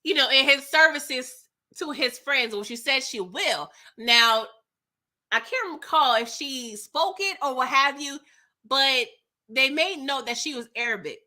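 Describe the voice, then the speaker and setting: High, bright-voiced woman recapping a show. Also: unhurried. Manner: animated, slangy, chatty retelling. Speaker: TV recap host. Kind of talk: live TV episode recap.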